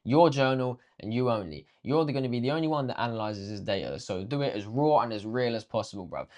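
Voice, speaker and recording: A man's voice: mid-range voice, animated, fast, a little mellow. Slangy man coaching traders. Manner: slangy, swears freely, addresses viewers directly. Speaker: trading coach. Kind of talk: casual spoken lesson.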